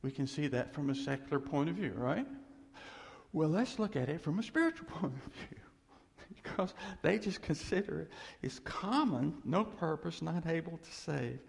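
A male preacher delivering a sermon, swinging from loud emphasis to hushed near-whispers and acting out quoted voices. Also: fairly high pitch, sing-song, normal speed, creaky. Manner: acts out voices of doubters and God in quotes. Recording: long hall reverb.

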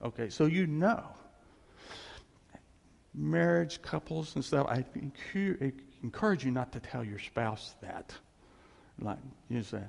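A man's voice: fairly high pitch, a little slow, creaky. A man preaching a conversational sermon as pastor, acting out voices as he tells it. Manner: animated, conversational, acts out quoted voices. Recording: long reverb of a hall.

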